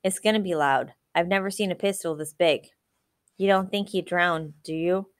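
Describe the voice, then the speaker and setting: A woman's voice: on the low side, normal speed, no echo, clean studio sound, lightly acted. A woman voicing an anxious young boy on the run, asking worried questions.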